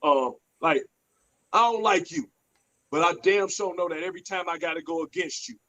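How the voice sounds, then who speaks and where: A man's voice: fairly high pitch, normal speed, rough recording. A man, telling stories bluntly and profanely in a casual podcast chat. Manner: blunt, profane, animated storyteller.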